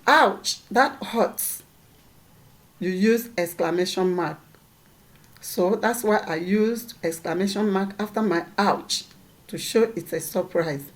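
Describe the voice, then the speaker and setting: A woman's voice: lowish voice, unhurried, a little mellow. A woman teaching a lesson, patiently repeating points and checking that her students follow. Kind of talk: classroom lesson.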